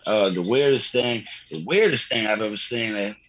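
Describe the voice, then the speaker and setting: Husky-voiced man telling stories, dull audio. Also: on the low side, normal speed, fairly bright tone, no room sound. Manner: rambling, slangy, swears, laughs often. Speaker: comedian guest. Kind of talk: casual podcast storytelling.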